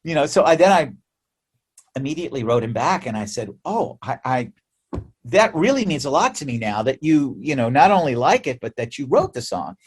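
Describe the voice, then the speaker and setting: An American man, a musician guest in a remote interview, telling stories in a lively, chatty way with frequent laughs and restarts. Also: medium pitch, moderate pace, breathy edge. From United States. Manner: animated storyteller, laughs often, many restarts. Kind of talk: casual interview chat.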